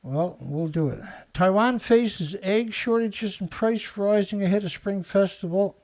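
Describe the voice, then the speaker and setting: A man's voice: high-pitched, unhurried, darkish tone. A man hosting his own show, reading news headlines aloud and answering them with sarcastic, indignant commentary. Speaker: show host.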